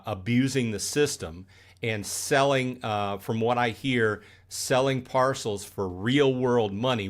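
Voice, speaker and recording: A man's voice: mid-range voice, a bit bright. Rambling man hosting a livestream. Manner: rambling, restarts often, asks "okay?" and "right?"; gets fired up. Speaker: livestream host. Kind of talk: casual livestream commentary.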